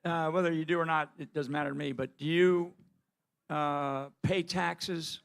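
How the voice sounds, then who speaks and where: A man's voice: fairly high pitch, steady tone, unhurried, gravelly, a bit bright. A man chatting onstage with a guest in an earnest, rambling way, full of restarts. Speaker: speaker questioning a guest.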